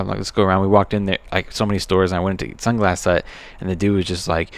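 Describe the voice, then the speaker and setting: A man's voice: deep voice, fairly even intonation, fast, no room sound. A man in his thirties co-hosting a podcast, telling rambling stories and acting out the people he quotes in a raised voice. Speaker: podcast co-host. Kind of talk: casual chat.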